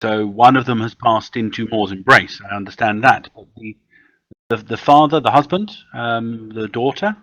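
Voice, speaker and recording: A man's voice: medium pitch, moderate pace, a bit bright, no echo. A man speaking in character during a tabletop game, formal and a little grand in how he phrases things. The recording is dry with a dull, muffled sound. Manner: formal, old-fashioned in-character speech. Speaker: player.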